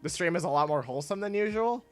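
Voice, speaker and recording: A man's voice: sits high, animated, fast talker. Chatty, laid-back streamer man. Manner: laid-back, rambling, laughs often. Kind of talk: casual chat while gaming. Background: soft chill music.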